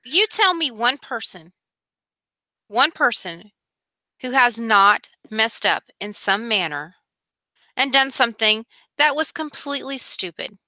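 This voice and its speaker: A woman's voice: a little high, animated, a little slow, pushed and bright, no room sound, rough recording. A woman chatting frankly as the host's friend on a livestream, plain-spoken and backing her up. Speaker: friend and co-host. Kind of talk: casual livestream chat.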